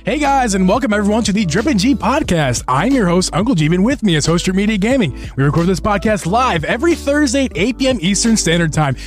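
A man hosting a casual podcast, excitable and quick to laugh. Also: high-pitched, faint music behind. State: out of breath. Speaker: podcast host.

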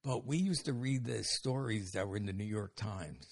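A man's voice: lowish voice, moderate pace, gravelly. A man in his seventies, a rambling, jokey storyteller chatting casually in an interview about running comedy shows. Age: 70s. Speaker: comedy show producer.

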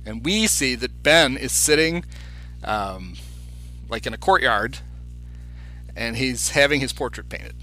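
A man's voice: medium pitch, lively intonation, a little slow, long pauses, sharp tone, soft background music, rough recording. A man co-hosting a casual podcast, chatty and recounting film scenes with enthusiasm. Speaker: podcast co-host.

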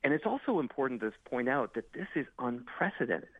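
A man's voice: mid-range voice, big pitch swings, brisk, breathy edge, no room sound. A congressman and military veteran speaking urgently and emphatically as a guest in a news interview. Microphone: phone. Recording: dry tinny phone line.

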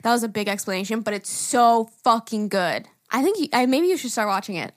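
A young woman co-hosting a casual podcast, animated, laughing often and swearing freely. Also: a little high, a little fast, dry recording, studio quality. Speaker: podcast co-host, daughter-in-law. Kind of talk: casual chat.

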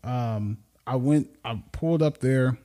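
A man's voice: medium pitch, measured pace. A man co-hosting a podcast, telling a story in casual chat, laughing often and acting out the people he quotes. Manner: animated, laughing storyteller who acts out quotes. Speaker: podcast co-host.

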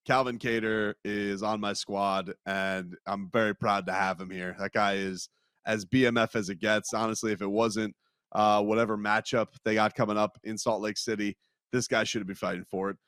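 Male co-host, low voice with a sharp edge, dry close sound, teasing. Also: flat delivery, moderate pace, clear, resonant tone, dry recording. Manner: teasing, jumps up in pitch when ribbing others. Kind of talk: casual sports radio banter.

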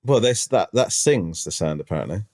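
A man co-hosting a casual comedy podcast, teasing his partner in a dry, deadpan way. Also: on the low side, normal speed. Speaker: podcast co-host. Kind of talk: casual comic chat.

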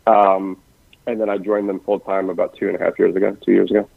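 A man who works in investments at a family office, talking quickly and densely in a podcast conversation, with frequent restarts. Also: low voice, level tone, creaky, slightly rough, no room sound. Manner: rapid-fire, dense talker with many restarts. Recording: dry, phone-like lo-fi sound.

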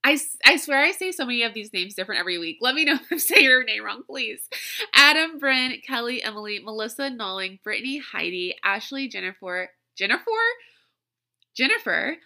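A woman's voice: a little high, lively intonation, fairly quick, bright, forceful tone. A woman hosting a podcast, talking in a chatty, rambling way and laughing often. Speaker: podcast host. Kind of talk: casual podcast monologue.

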